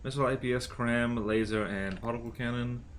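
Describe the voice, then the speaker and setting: A man's voice: medium pitch, steady tone, a little fast, slight background noise. A man from the American South giving rambling, casual live-stream commentary on a game, full of fillers and restarts. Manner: rambling, many fillers and self-corrections.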